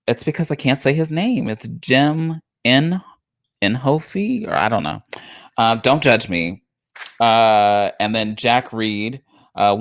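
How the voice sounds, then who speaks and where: A man co-hosting a casual stream, reading out results slowly with plenty of ums and uhs. His lowish voice swings up and down a lot as he trips over names and laughs at himself. The sound is dry and close. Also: no room sound. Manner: stumbling over names, self-deprecating, many fillers. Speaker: co-host reading election results. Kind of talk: casual live-stream chat.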